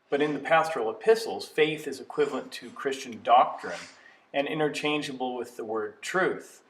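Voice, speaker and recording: A man's voice: mid-range voice, a bit bright, a little hiss or hum. Man lecturing in an echoey room. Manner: measured, explanatory, slows to stress key terms. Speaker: teacher of biblical studies. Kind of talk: educational video lecture. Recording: echoey room, mic at a distance.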